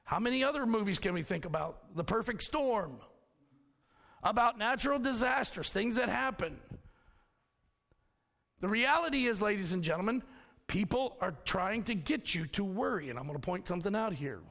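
Lively, gravelly preacher man in a hall. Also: high-pitched, normal speed. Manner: folksy storytelling preacher, laughs at his own stories. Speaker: pastor. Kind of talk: sermon.

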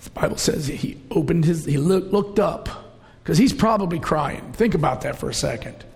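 A middle-aged man preaching a sermon, telling the story with strong emotion and sudden raised, shouted moments. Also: fairly high pitch, animated, moderate pace, creaky. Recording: long hall reverb.

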